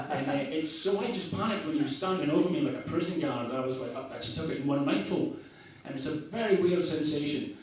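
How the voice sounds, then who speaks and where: A man's voice: fairly high pitch, fast talker, few pauses, darkish tone. A man with a northeast Scottish accent doing a rambling, self-deprecating stand-up set at a bar open mic night. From Scotland. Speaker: stand-up comedian. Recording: echoey bar heard from a distance.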